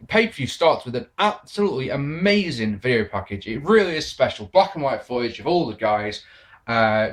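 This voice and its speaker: Sarcastic man ranting, lively pitch. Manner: sarcastic, swearing, animated rants. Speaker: wrestling show reviewer. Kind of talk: sarcastic review commentary.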